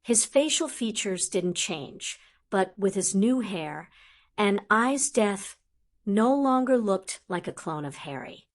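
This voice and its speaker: A woman narrating a fantasy audiobook in an even storytelling manner. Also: mid-range voice, slow pace. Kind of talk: scripted fiction narration.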